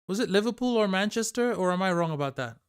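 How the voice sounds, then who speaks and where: A livestreamer with a high-pitched, smooth, animated voice talks fast. He chats loosely with his viewers, reading and answering their messages aloud.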